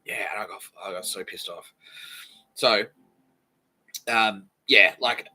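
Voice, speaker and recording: A man's voice: lowish voice, slow pace, pushed and bright, slightly rough, soft background music, poor audio. An Australian man hosting his own podcast, telling a heated, swear-filled story in a rambling monologue. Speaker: podcast host.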